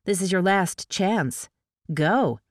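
A woman's voice: lowish voice, lively intonation, a little slow, no room sound, clean studio sound. A woman reading a novel aloud, voicing a young heroine who speaks firmly and defiantly. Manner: firm, shouting commands. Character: young woman, fierce and defiant under pressure.

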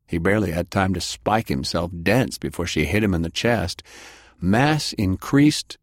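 Deep-voiced man reading an audiobook. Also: animated, measured pace, dry recording. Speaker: narrator. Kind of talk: audiobook narration.

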